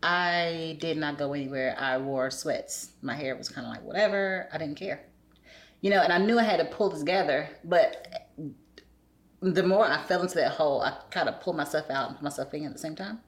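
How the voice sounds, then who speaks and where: Low-voiced woman telling her story. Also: fairly quick. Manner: soft-spoken, quotes others in animated voices. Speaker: guest sharing her story. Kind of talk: candid personal storytelling.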